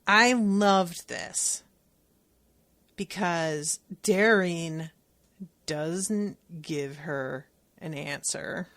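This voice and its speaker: Woman podcast host, unhurried, candid book recap with casual swearing. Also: fairly low pitch. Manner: candid, swears freely while retelling.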